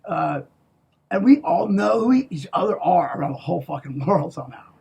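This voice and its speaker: A man in a rambling, profane monologue who swings from hushed to shouting. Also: sits high, expressive, moderate pace, gravelly, slightly rough, highs cut off.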